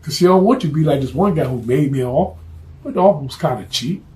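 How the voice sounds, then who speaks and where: A man's voice: a little high, animated, quick pace, warm tone. A man spinning a boastful tall tale in casual slang, laid-back and cocky. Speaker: storyteller in character. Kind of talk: tall-tale comic storytelling.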